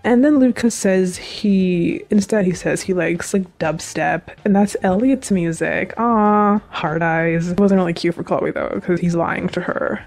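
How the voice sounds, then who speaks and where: A woman talks through a show recap in casual, animated fan chatter. Her voice sits a little low and carries a gravelly, creaky fry. She gushes and exclaims as she goes. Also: measured pace, few pauses. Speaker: video reviewer.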